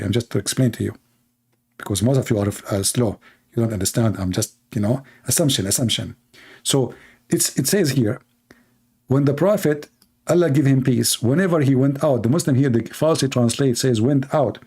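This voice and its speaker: Sarcastic man, mellow voice. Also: medium pitch, a little fast, husky. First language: Arabic. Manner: sarcastic, teasing, broken English. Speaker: livestream host. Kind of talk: mocking live-stream commentary.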